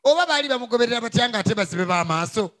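A man interpreting a sermon live, echoing each phrase quickly and matching the preacher's energy. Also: very high voice, expressive, bright, forceful tone.

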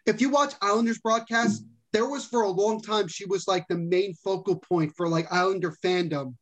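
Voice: mid-range voice, fairly even intonation, normal speed. A podcast co-host in casual chat, enthusiastic and rambling, with a mid-range voice.

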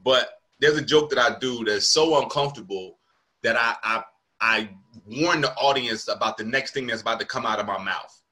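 A man's voice: medium pitch, moderate pace, bright, forceful tone. A male comedian hosting a casual chat, telling loose slangy stories and laughing often. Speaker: comedian and podcast host.

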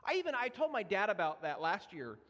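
A man's voice: high voice, very animated, brisk, a bit bright. A young man preaching a sermon and telling his own story earnestly, now and then laughing at himself. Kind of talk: sermon with personal testimony. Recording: long reverb of a large hall.

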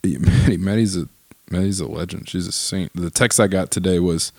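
A man in his thirties, a pastor, chatting casually, warm and chuckling with frequent restarts. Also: low voice, steady tone, a little fast, gravelly, dry recording. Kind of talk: casual podcast chat.

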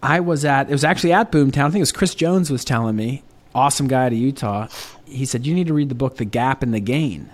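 A man's voice: medium pitch, fast. A man hosting a podcast, chatting eagerly and conversationally with his guest. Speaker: podcast host. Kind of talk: casual interview chat.

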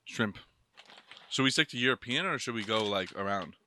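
A man's voice: lowish voice, animated, moderate pace, bright, forceful tone, slight background noise. A young man co-hosting a casual snack taste-test vlog, loose and profane, with mumbled asides. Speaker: vlog co-host.

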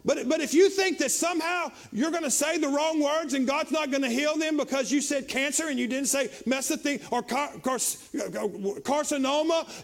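Brief: male pastor, very high pitch, repetitive preaching that rises to shouts. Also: normal speed, hardly any pauses. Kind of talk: sermon.

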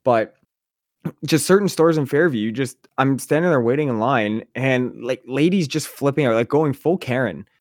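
He co-hosts a casual podcast, animatedly telling stories, cursing freely, and playing out the lines of others. His voice is mid-range at a normal speed, recorded in studio quality with no echo.

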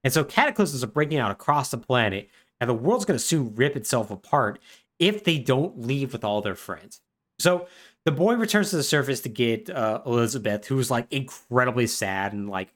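A man co-hosting a podcast casually retells a game's plot, animated and with a lively pitch, slipping into quick voices for the characters.

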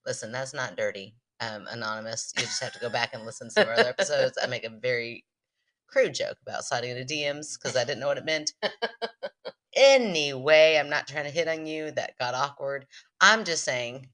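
A woman podcast co-host in casual chat who reacts to a story with quick interjections and jokes. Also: very deep voice, a bit bright.

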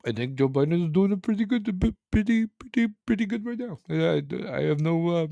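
A man putting on a mocking impression of an elderly politician, halting and stammering in a folksy way. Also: high-pitched, expressive, vocal fry, dark tone, dry recording, muffled recording.

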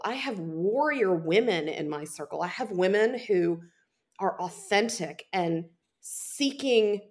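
A middle-aged woman, a podcast guest, speaking candidly and reflectively. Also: fairly low pitch. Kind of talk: casual podcast interview.

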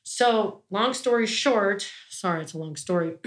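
A woman's voice: medium pitch, expressive, slow pace. A woman, a small business owner, telling a long story in a casual interview, rambling with many restarts and an indignant edge.

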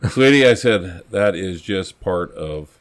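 Deep-voiced man spinning a folksy yarn. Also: expressive, slow, dry recording. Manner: folksy, rambling anecdotes with acted-out quotes. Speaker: podcast guest, former police officer. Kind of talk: casual storytelling.

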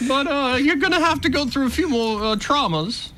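A man doing a prim, high-pitched female governor. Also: animated, brisk, pushed and bright, slight background noise, exaggerated voice. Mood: mock-solemn.

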